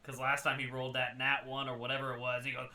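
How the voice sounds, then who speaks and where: A man's voice: mid-range voice, completely flat delivery, fast, bright, forceful tone. A man playing in a tabletop game, teasing his fellow players. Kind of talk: casual tabletop play.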